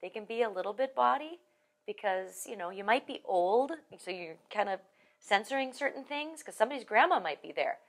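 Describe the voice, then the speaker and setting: A woman musician in an oral history interview, talking in a lively, joking way in an archive room. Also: medium pitch, fairly quick. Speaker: Irish musician.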